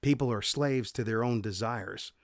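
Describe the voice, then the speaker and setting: A man's voice: mid-range voice, normal speed, no room sound. A man reads Bible verses and then talks them through in an easygoing teaching manner, often stopping to correct himself. His voice sits in a middle register and sounds dry and close, with no room around it. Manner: conversational, reads scripture then explains, frequent self-corrections. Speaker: podcast host and Bible teacher. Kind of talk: casual devotional podcast teaching.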